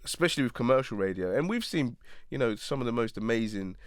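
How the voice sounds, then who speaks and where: A man, a radio presenter talking as the guest in a casual interview, relaxed and reflective and laughing often, in a small attic studio. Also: medium pitch, fast talker.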